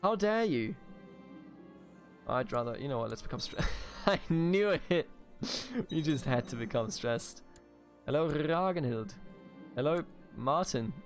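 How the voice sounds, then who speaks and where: A man's voice: medium pitch, animated, measured pace, long pauses, faint music behind. A man from Bavaria with a German accent, casually commenting on a strategy game he plays, swearing, laughing and talking to the game's characters. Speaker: let's play host.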